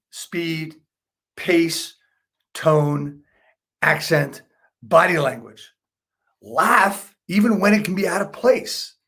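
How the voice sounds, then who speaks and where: A man leading a live online lesson as a sales trainer. He is chatty and upbeat, keeps checking in with "right?", and adds quick apologetic asides when he slips up. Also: high voice, a bit bright. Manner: self-correcting, apologetic asides.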